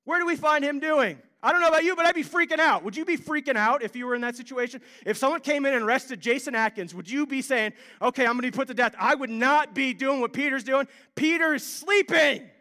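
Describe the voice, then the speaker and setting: A young man from Ohio preaching a sermon, telling animated stories with self-deprecating humor. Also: very high-pitched, fairly quick, few pauses. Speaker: pastor.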